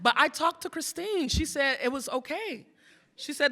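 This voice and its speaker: A woman's voice: high voice, very animated, moderate pace, bright, forceful tone. A woman poet giving a live reading at a museum, mixing playful, self-teasing asides with rhythmic, building spoken-word poems. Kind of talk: live poetry reading with banter. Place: museum event before an audience.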